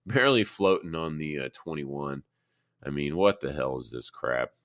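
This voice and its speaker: Man, very low voice, smooth and clear, dry close sound, casual live market chat, thinking out loud. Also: lively intonation, moderate pace, no echo. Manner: casual, rambling, thinking aloud while reading charts. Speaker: market analysis host.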